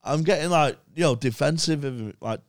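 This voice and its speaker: A man's voice: a little high, normal speed, no echo, studio quality. A young English man, a podcast guest, telling rambling, swear-filled stories in casual chat. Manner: swears a lot, rambling animated anecdotes.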